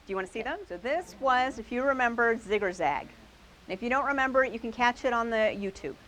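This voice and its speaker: A woman's voice: fairly high pitch, lively intonation, quick pace, fairly bright tone, rough recording. A woman hosting a quilting class, showing quilts to a live group and praising each one with enthusiasm. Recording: faint hiss.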